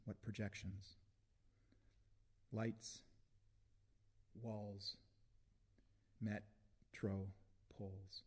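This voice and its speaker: A man reading his own poems aloud at a live book launch, with deliberate phrasing and long pauses between lines. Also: on the low side, warm tone. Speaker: poet reading his work.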